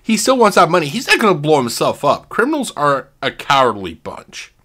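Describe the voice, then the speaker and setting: A man's voice: fairly high pitch, huge pitch swings, fairly quick, pushed and bright. A man hosting casual commentary, thinking aloud in a rambling, profane way. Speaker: host.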